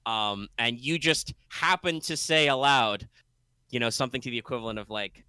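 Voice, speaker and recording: Bright, crisp-voiced male game master. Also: mid-range voice, moderate pace, no room sound. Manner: rambling, many fillers and restarts. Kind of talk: narrating a tabletop game.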